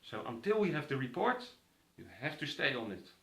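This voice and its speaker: A man voicing a calm, firm woman nurse telling a patient to stay still. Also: rumbling low, fairly quick, heavily acted. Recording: roomy echo.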